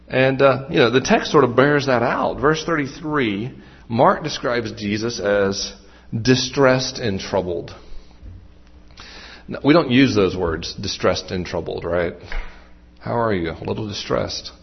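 This pastor from Western Maryland preaches in a medium-pitched, slightly rough voice at a measured pace. His sermon is conversational and self-deprecating, full of asides and restarts. The recording sounds muffled and dull.

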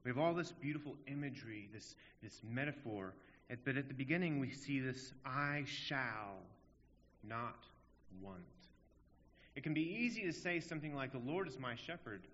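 A man with a medium-pitched, slightly bright voice preaches earnestly and emphatically, posing rhetorical questions. The audio is dull, carries a little hiss or hum, and sits in a hall with long reverb.

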